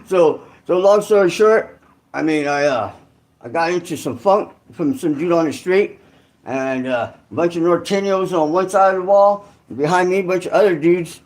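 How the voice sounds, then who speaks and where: High-voiced rambling, slangy man. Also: moderate pace, a little mellow. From Santa Clara, California. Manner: rambling, slangy, many restarts and asides. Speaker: online creator host. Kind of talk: casual storytelling monologue.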